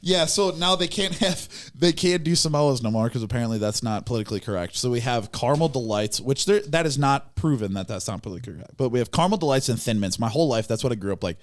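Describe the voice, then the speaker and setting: A man's voice: mid-range voice, animated, fast talker, hardly any pauses. A worn-out man co-hosting a podcast, joking around in casual banter. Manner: laid-back, joking, says "dude" a lot. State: tired, worn out. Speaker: podcast co-host.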